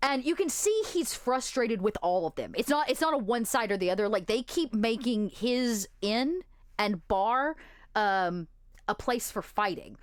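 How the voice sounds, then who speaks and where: A woman narrating a tabletop game as its game master, with a mid-pitched voice. She talks casually and rambles, with plenty of fillers, and the sound is dry and close to the mic. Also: expressive, unhurried, dry recording.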